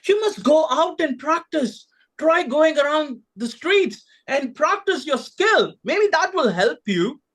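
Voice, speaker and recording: A man's voice: extremely high pitch, very animated, takes it slowly, a bit bright, pitched above the performer's own voice, heavily acted. A man from India voicing a clever young farmer's wife who speaks in a coaxing, firm way.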